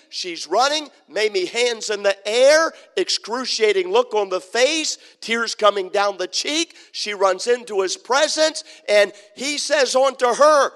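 Man, pastor, storytelling sermon, fairly high voice, long church reverb. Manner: storytelling, animated, with acted-out quotes and humor. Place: church sanctuary.

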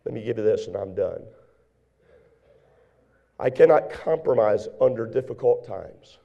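A pastor preaching a sermon in church, swinging from hushed, quiet lines to shouted, fervent exhortation. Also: male voice, fairly low pitch, expressive, unhurried, creaky, lo-fi sound.

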